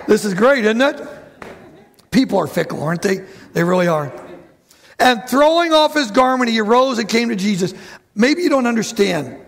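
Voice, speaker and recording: A man preaching a lively sermon to his church, who acts out the voices of bible figures and calls out to the congregation. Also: extremely high pitch, moderate pace. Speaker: pastor.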